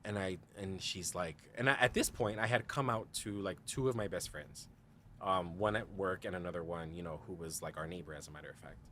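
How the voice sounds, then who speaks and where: Low-voiced man telling his story. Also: brisk, sharp tone, a little hiss or hum. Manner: quotes others in dialogue, frequent "like" and "you know"; laughs often while telling the story. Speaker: podcast guest. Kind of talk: candid personal storytelling.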